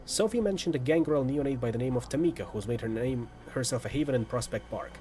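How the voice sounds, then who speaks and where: A man streaming a visual novel, reading the story aloud with lively, lightly dramatic narration and casual asides. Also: mid-range voice, quick pace, faint music behind.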